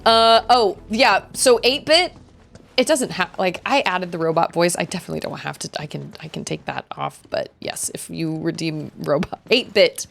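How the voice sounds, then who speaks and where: A woman's voice: on the low side, sing-song, moderate pace, gravelly, a bit bright. A young woman streaming a video game, chatting and reacting aloud as she reads the game text, with game music behind. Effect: occasional robot voice filter. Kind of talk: casual live gameplay commentary.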